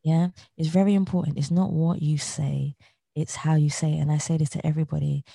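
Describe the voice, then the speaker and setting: A woman's voice: low voice, flat delivery, fairly quick, creaky, dark tone, dry recording. A woman being interviewed, talking about her outlook in an earnest, motivational way and repeating her key phrases. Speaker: interview guest. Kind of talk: reflective interview talk.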